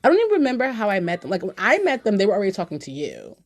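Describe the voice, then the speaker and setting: A woman podcast host telling candid stories in casual chat, blunt and animated, with many "like"s. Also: mid-range voice, very fast. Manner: blunt, animated storyteller with frequent "like".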